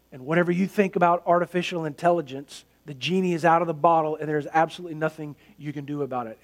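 A male pastor preaching a sermon in an earnest, emphatic way, building points through repetition. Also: a little high.

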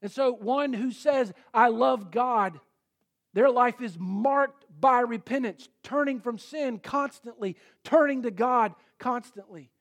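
A middle-aged male pastor preaching a sermon in an earnest, emphatic way, rising to forceful peaks. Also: very high-pitched, a little slow, hardly any pauses.

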